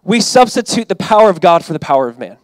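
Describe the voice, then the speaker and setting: High-voiced man preaching a sermon. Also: sing-song, fast, dry recording, low-quality recording. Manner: conversational, emphatic preaching with quoted asides. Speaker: pastor.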